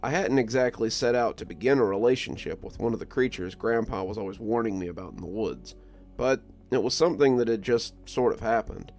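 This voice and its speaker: A man reading a scripted first-person story in a calm, measured manner. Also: fairly low pitch. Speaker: narrator. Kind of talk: scripted horror story narration. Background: soft music.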